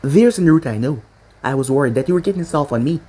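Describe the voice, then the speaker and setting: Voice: mid-range voice, expressive, quick pace, warm tone, slightly rough. Kurama, a narrator voicing a blunt fox spirit. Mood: gruff. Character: huge sardonic male fox spirit. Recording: faint music behind.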